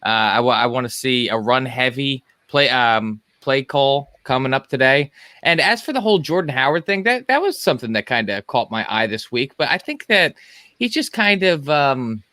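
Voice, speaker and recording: Man, bright forceful voice, dry sound, easygoing sports analysis. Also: mid-range voice, animated, moderate pace, no room sound. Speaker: podcast co-host. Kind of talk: casual sports chat.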